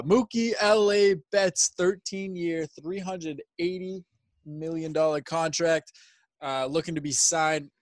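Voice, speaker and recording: A man with a slightly high voice rambles through a casual sports chat, leaning on filler words as he goes. His voice sounds dry and close. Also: dry recording. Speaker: podcast co-host.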